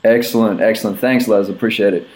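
A man hosting a casual interview, relaxed and affirming, who reads out listener questions. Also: fairly low pitch, fast, echoey room, rough recording. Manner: relaxed, affirming, uses many fillers. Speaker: interview host.

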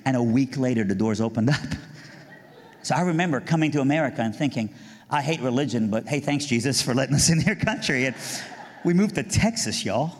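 A middle-aged man from Iran gives a spoken testimony full of jokes, often leaping high to play other people's lines. His voice sits at a middle pitch and carries a long reverb from a large hall. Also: fast. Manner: animated, jokey, mimics voices, rises high for punchlines. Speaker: speaker giving a testimony. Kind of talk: storytelling testimony with humor.

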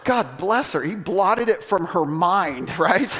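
A male pastor telling a story in a sermon, acting out voices with laughter and animated delivery. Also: high voice, slow pace, hardly any pauses. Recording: long hall reverb.

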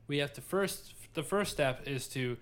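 A man's voice: on the high side, unhurried, clean tone. A young man hosting a podcast, talking thoughtfully and casually, searching for words and laughing easily. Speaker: podcast host. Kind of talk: casual chat.

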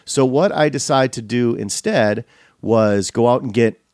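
A man's voice: medium pitch, unhurried, a little mellow, dry recording, studio quality. A middle-aged man telling a story in casual chat, rambling and profane, with many fillers and restarts.

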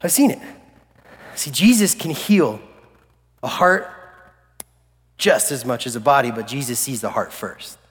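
A man preaching a sermon in a church hall, animated and jokey, acting out the people in his story. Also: medium pitch, unhurried, pauses often. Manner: animated, jokey, acts out voices of characters. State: recovering from flu. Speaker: pastor. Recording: long hall reverb.

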